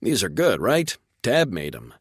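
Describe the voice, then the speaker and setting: A man's voice: fairly low pitch, sing-song, quick pace, no echo, studio quality, pitched above the performer's own voice. A man voicing a brash, carefree young man in an audiobook. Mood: breezy.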